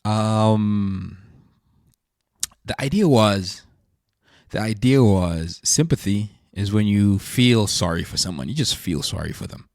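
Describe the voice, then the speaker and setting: Brief: male podcast host, low-pitched and earnest, searching reflective delivery, dry close sound. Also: slow pace, a little mellow, dry recording. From South Africa. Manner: earnest, searching, thinks aloud. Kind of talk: reflective faith monologue.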